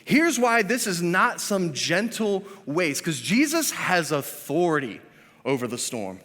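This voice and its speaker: A man in his thirties preaching a sermon as pastor. He swings between hushed, drawn-out lines and loud, emphatic ones, with self-deprecating asides. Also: high-pitched, big pitch swings. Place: church. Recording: reverberant church sanctuary.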